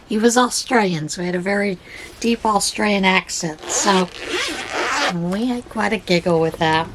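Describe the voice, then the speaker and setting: A woman's voice: mid-range voice, normal speed, a little hiss or hum, low-quality recording. A woman hosting a crafting podcast, telling a rambling story full of fillers and reading a devotional aloud. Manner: chatty, storytelling with many fillers; reads devotional passages aloud. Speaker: podcast host. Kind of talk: casual rambling chat.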